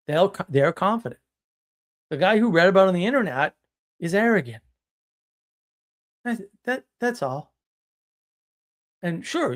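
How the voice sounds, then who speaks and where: A man hosting a live stream, talking bluntly and emphatically, now and then mimicking other people as he tells stories. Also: fairly high pitch. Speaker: host.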